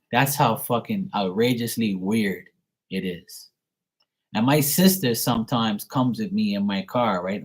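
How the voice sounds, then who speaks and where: A man's voice: on the low side, slightly rough, low-quality recording. A man hosting a tarot reading live stream, telling profane, chatty anecdotes. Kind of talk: casual live-stream storytelling.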